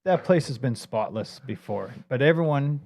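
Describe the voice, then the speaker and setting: An easygoing man from Saskatchewan co-hosts a podcast and drops joking remarks into casual chat. His pitch sits in the middle range for a man. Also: expressive, moderate pace, gravelly, a little mellow. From Saskatchewan, Canada. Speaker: podcast co-host.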